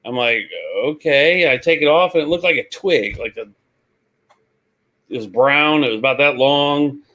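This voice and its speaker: A man on a talk show, telling a lively anecdote and acting out the voices. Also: on the high side, moderate pace. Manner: animated, acts out voices in anecdotes. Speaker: guest, reseller. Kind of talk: casual storytelling.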